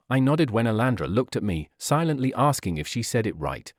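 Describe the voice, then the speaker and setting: A man telling a first-person story as narrator, reading in an expressive way. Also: medium pitch, a little fast, hardly any pauses, dry recording, studio quality.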